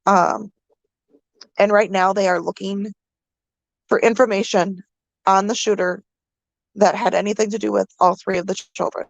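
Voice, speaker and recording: A woman vlogger from the American Midwest, talking to her viewers through tears, halting with many pauses and fillers. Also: medium pitch, steady tone, creaky, no echo, dull audio. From Minnesota. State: crying. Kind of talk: emotional vlog talk to viewers.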